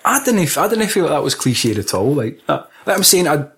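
A man's voice: a little high, very animated, a little fast, gravelly, a bit bright. A man with a Scottish accent, co-hosting a casual film chat, swearing freely and laughing often. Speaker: podcast co-host.

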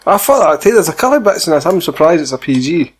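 A man's voice: a little high, sing-song, quick pace, a little hiss or hum. A man with a Scottish accent, chatting bluntly about a film as a podcast co-host and swearing casually.

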